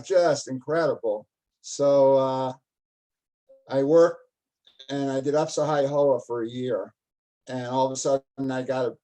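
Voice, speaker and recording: Older man, animated storyteller, casual chat, mid-pitched voice. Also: rough recording. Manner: animated, laughs often, lively retelling. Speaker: guest.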